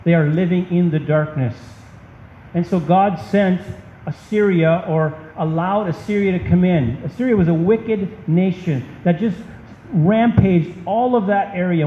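In a dull, echoey hall, a pastor with a high voice delivers an emphatic, impassioned sermon over slight background noise.

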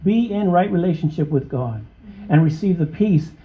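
A man's voice: lively intonation, moderate pace, a little hiss or hum. Earnest male preacher, muffled recording. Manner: emphatic, rising to high exclamations; conversational, with frequent check-ins to the congregation. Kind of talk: sermon.

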